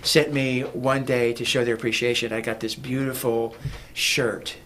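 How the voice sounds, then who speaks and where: A music producer appears as a guest in a casual interview, rambling with lots of fillers and false starts. His mid-range voice has a fairly bright tone and little pitch movement, he speaks at a normal speed, and a bit of hiss or hum sits under the audio.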